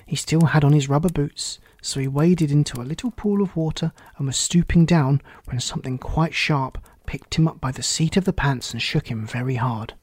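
A man narrating a children's storybook aloud in a steady, clear reading voice. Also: a little high, normal speed, few pauses, no room sound.

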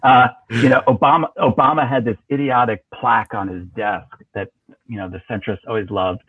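Husky man on a tinny phone line. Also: medium pitch, fairly even intonation, brisk, dry recording. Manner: thoughtful, hesitant, many fillers and restarts. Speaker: guest. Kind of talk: political interview.

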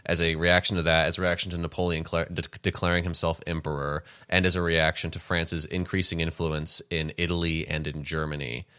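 A man with a notably low, deep voice chats casually as a podcast co-host. He lays out history in long, unhurried explanations. The sound is dry and close, with almost no room in it. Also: smooth, no echo. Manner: explains history at length, thoughtful and relaxed. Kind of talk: casual chat.

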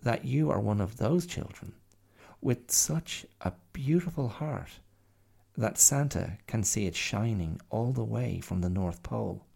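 A man's voice: on the low side, big pitch swings, measured pace, gravelly, warm tone, breathy edge, exaggerated voice. A man voicing a proud, fussy little male bear in a storybook reading, speaking in a prim, matter-of-fact way.

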